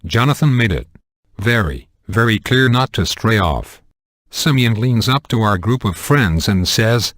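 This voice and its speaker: A man narrates a spoof horror story in a flat, deadpan way, and the crude jokes land without any change of tone. His voice sits on the low side and sounds dry and close to the mic. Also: a little slow, no echo. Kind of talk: amateur comedic horror story reading.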